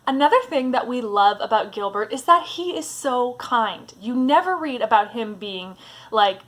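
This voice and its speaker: A woman's voice: a little high, expressive, normal speed. A woman giving a casual, chatty vlog talk as a book vlogger, with a fond tone and lots of "like"s.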